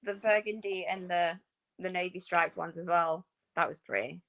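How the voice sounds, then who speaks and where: A woman with a softened Northeast English accent, chatting as a podcast co-host in an animated, storytelling way. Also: fairly low pitch, moderate pace, vocal fry. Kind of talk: casual chat.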